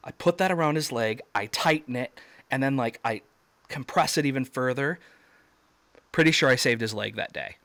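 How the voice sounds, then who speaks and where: A man guest on a video call telling a story in a casual interview, acting out quoted shouts with sudden jumps up in pitch. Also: normal speed, no room sound.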